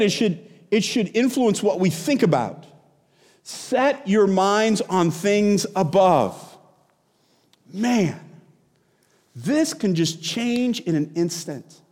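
A middle-aged man preaching a sermon as pastor, telling stories in a conversational, animated way. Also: sits high, in a large hall.

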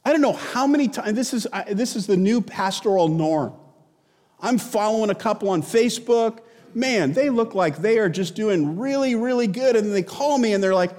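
A middle-aged man preaching a sermon as pastor, telling stories in a conversational, animated way. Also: high voice, a little slow, in a large hall.

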